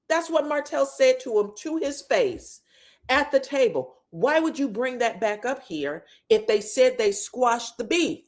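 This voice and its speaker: A lively woman with a fairly high voice, recapping reality TV drama as casual gossip. She acts out each person's lines and her pitch swings widely. She laughs a lot and curses without holding back. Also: measured pace. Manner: animated storytelling, acting out cast members' lines; laughs often, swears freely.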